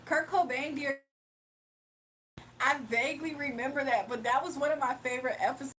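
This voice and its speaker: A young woman hosts a casual livestream, laughing often, talking in slang, and reading her viewers' chat aloud. Her voice is high-pitched and fairly bright at normal speed, with faint music behind her.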